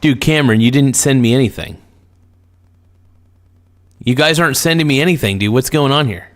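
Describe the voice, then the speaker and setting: A man hosting a casual livestream, joking and teasing his chat viewers in a deep radio announcer voice. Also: normal speed. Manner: joking, teasing, breaks into crooning song. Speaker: livestream host.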